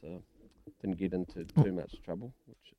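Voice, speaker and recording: A man's voice: deep voice, moderate pace, dark tone. A man with a New Zealand accent co-hosting a radio sports show, chatting casually in a matey, rambling way.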